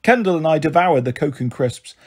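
A man reading a children's novel aloud, narrating in the first person in an even, unhurried way. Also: fairly high pitch, slightly rough. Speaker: storybook reader.

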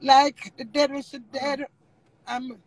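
A woman's voice: high voice, level tone, slow, rough recording. A woman with a Jamaican accent giving a rambling, emotional personal monologue with frequent swearing. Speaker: reality TV personality.

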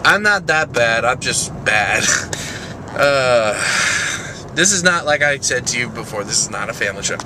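A man's voice: medium pitch, lively intonation, moderate pace, noisy background. A young man vlogging casually, joking, rambling and making fun of himself. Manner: joking, rambling, self-mocking. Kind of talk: casual vlog.

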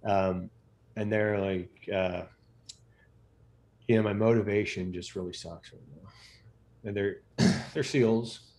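Very deep-voiced man telling stories. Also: fairly even intonation, takes it slowly, long pauses, darkish tone. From United States. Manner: rambling, many fillers and restarts. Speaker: interview guest, physician. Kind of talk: casual storytelling interview.

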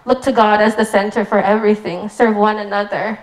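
A young American woman gives a rambling, giggly wedding toast, saying "like" again and again. Her medium-pitched voice is level and fairly quick, and the audio quality is poor.

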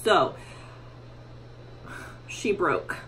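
A woman's voice: extremely slow, a bit bright, a little hiss or hum, low-quality recording. A young woman chatting casually through a makeup tutorial at home in her bathroom, full of fillers and self-mocking asides. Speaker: beauty vlogger.

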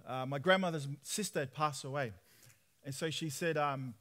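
A man, preaching a personal testimony sermon in lively storytelling style, acting out dialogue. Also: a little high, normal speed. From Australia. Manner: animated storytelling, acts out dialogue with laughs.

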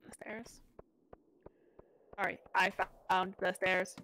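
A woman's voice: medium pitch, little pitch movement, slow pace, bright, forceful tone, a little hiss or hum. A woman co-streaming a game with her husband, chatting casually and trading dry, playful jokes. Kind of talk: casual gaming stream chat.

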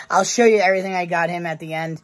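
A woman's voice: fairly low pitch, dry recording. A woman from the United States talking to viewers in a casual vlog, blunt and heavily profane. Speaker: vlogger. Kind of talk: casual vlog talk to camera.

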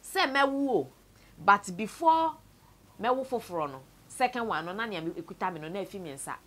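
A Ghanaian woman telling a sad story from her own life, mixing Twi and English, her voice often sinking low and quiet. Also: animated, moderate pace. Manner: tells a sad story, switches between Twi and English, voice sinks low and soft. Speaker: interviewee. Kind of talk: personal story told to camera.

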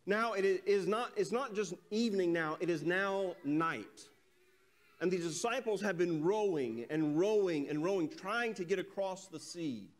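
Man, preacher, sermon, animated storytelling, high voice. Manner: slow solemn scripture reading.

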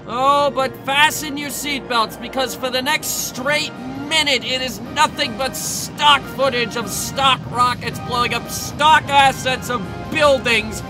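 A man giving a sarcastic, comedic movie review, mocking and exasperated, swearing and now and then shouting in outrage. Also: extremely high pitch, measured pace, few pauses, over music.

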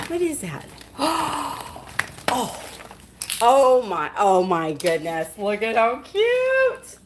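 A woman's voice: medium pitch, huge pitch swings, drawn-out words, noisy background. A woman hosting a casual live stream, gushing and cooing in a sing-song way at her dogs as she opens gifts. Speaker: pet channel host.

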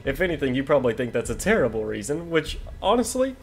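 A man hosting a casual video game commentary, excitable and jokey as he talks to his viewers. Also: mid-range voice, quick pace. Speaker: gaming video host.

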